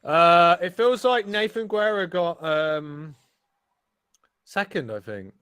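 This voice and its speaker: A man giving casual, excitable live race commentary, sweary and rambling with fillers. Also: high-pitched, slow pace, clear, resonant tone.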